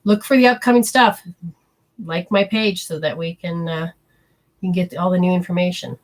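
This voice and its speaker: A woman's voice: fairly low pitch, steady tone, moderate pace, low-quality recording. A woman hosting a live energy-healing show, chatting and reading viewer comments aloud. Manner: chatty, meandering, gives hands-on instructions.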